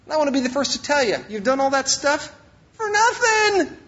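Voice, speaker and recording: A man's voice: very high voice, quick pace, a bit bright, dull audio. A male pastor preaching a sermon, emphatic and repeating his key phrases.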